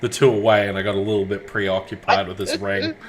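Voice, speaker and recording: A man playing in a casual tabletop game, excitable and given to outbursts of disbelief. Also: fairly low pitch, brisk, a little hiss or hum. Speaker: player and stream host.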